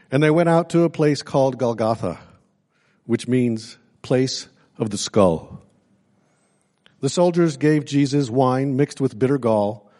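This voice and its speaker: A man on a church staff reading a scripture passage aloud in a measured way. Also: mid-range voice, warm tone.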